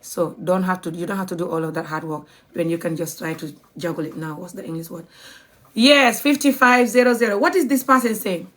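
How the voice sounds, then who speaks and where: A woman's voice: fairly low pitch, brisk. Chatty woman teaching on a livestream. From Gambia. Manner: chatty, spells words out letter by letter, laughs often. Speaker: language teacher. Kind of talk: live-streamed language lesson.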